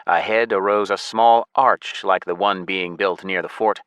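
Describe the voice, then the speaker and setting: A man narrating a science fiction audiobook in the first person with a steady, even delivery. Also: sits low, a little slow, smooth, no room sound.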